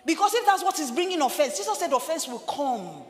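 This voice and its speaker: Woman pastor, high voice, emphatic sermon, booming church hall reverb, soft music behind. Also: sing-song, a little fast. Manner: emphatic, rising to shouts and dropping low for quoted voices.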